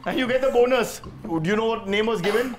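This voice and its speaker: A man with an Indian English accent hosting a quiz show, playful and teasing with quick asides. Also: very high-pitched, crowd noise. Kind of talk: joking game show hosting.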